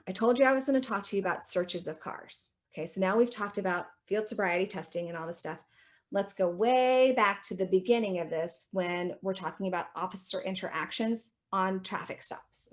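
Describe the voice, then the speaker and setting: A woman attorney giving an informal public lecture on legal rights, chatty and direct, often checking in with the audience. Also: mid-range voice. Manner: chatty, keeps checking in with "okay?"; acts out dialogues with police.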